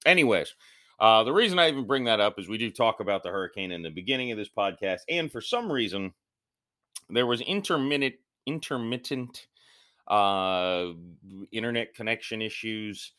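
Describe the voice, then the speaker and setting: Deep-voiced man hosting a podcast. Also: very animated, normal speed, bright, forceful tone, clean tone. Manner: rambling, loose and self-deprecating. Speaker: podcast host. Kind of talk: casual solo podcast intro.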